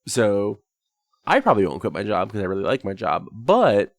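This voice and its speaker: A man's voice: lowish voice, wildly swooping pitch, normal speed, no echo. A man hosting a casual podcast talkback about a tabletop game, rambling and self-deprecating, laughing often. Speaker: podcast host and game master.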